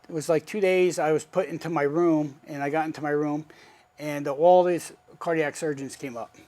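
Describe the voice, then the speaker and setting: A man's voice: on the high side, moderate pace. A man casually telling a personal story, acting out the voices of the people in it. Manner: animated, acts out quoted dialogue. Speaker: guest.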